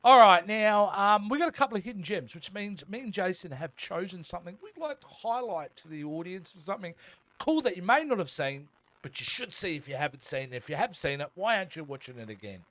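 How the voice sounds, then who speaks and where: A man's voice: sits high, big pitch swings, brisk, a bit bright. A man co-hosting a casual chat about TV and film, upbeat as he leads into the next segment. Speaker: co-host.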